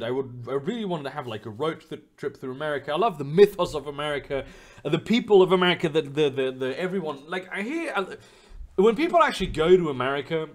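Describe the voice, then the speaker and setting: A young man answers his chat in a loose, rambling stream session, his slightly high voice swinging up and down a lot. He swears freely and stumbles through fillers and restarts as he talks. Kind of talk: casual live-stream chat. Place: home room.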